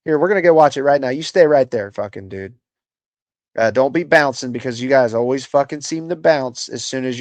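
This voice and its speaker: A man's voice: mid-range voice, a little mellow, no echo. A man hosting a political livestream, ranting in casual, profane, exasperated commentary full of "bro" and "dude.".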